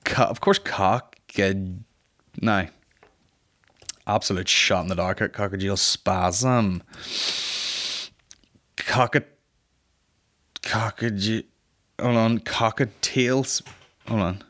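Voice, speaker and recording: Comic host, young, low-pitched, crude, rambling anecdote style. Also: male voice, slow pace, pauses often. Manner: sweary, rambling, animated comic voices. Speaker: podcast host. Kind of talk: casual comedic storytelling.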